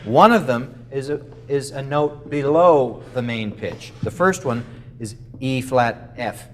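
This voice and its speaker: A man's voice: mid-range voice, slow, slight background noise. A man giving a masterclass to a concert band, explaining musical phrasing and singing short melodic lines to show it. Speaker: clinician. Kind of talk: masterclass coaching. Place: rehearsal room with a band.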